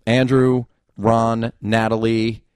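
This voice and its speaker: A man's voice: mid-range voice, takes it slowly, smooth, no echo. A man co-hosting a podcast, telling stories in casual chat and swearing freely. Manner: animated storyteller, swears casually. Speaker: podcast co-host.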